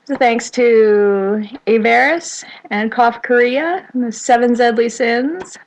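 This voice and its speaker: A woman's voice: a little high, takes it slowly, poor audio. Upbeat woman podcast host. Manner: upbeat, reads listener notes. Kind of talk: casual chat.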